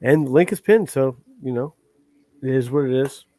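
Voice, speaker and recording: A man's voice: medium pitch, normal speed, mellow, dry recording. Profane rambling male livestream host. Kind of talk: ranting livestream chat.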